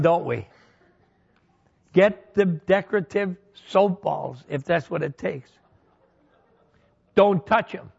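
A man's voice: fairly high pitch, gravelly, slightly rough, lo-fi sound. A pastor preaching a sermon, telling homely stories with humor to make his points. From Michigan. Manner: folksy storytelling with humor.

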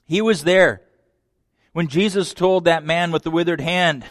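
A man preaching a sermon, dramatic, swinging between loud declarations and hushed lines. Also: fairly high pitch, measured pace, dry recording, clean studio sound.

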